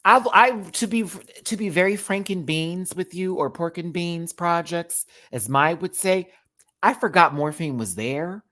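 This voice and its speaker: A man with a high, bright and forceful voice hosts a live reaction stream out of Houston, Texas. He keeps the commentary casual, sassy and campy, with quick asides and plenty of laughter.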